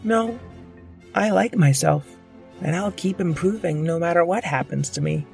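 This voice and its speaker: A man's voice: on the high side, moderate pace, creaky, darkish tone, soft background music, voice pushed up. A man voicing an earnest, brave boy ninja hero in a children's audio story.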